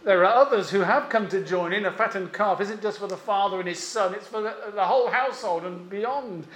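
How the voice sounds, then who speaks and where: A man preaching a sermon, emphatic and pausing often, with rhetorical questions. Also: sits high, fairly bright tone. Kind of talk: expository sermon. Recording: echoey room.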